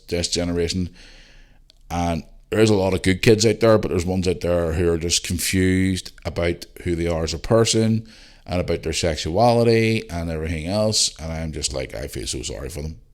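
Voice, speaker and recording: Very low-voiced man ranting as host. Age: 40s. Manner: ranting, swears freely, emphatic repetition. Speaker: podcast host. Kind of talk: opinionated casual monologue.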